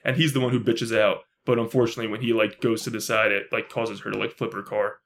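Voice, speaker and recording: A man co-hosting a podcast in casual chat, gushing and excitable, with lots of fillers and repeats. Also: on the low side, fast. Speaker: podcast co-host.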